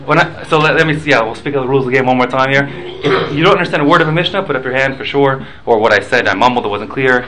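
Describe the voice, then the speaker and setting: A man's voice: mid-range voice, rapid-fire, few pauses, bright, forceful tone, poor audio. A man teaching a Talmud class, explaining rules with examples and often repeating and restarting his words.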